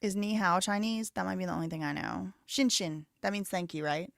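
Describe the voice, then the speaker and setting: A woman's voice: lowish voice, a little fast, vocal fry, no echo, studio quality. A woman in her thirties hosting a live stream, rambling casually and thinking aloud with lots of "like" fillers. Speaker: livestream host.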